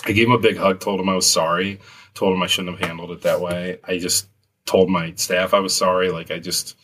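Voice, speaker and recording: A man's voice: low-pitched, level tone, a little fast, a bit bright, a little hiss or hum. A man with a Western New York accent, a business owner, telling a story in casual chat, acting out quotes and swearing freely.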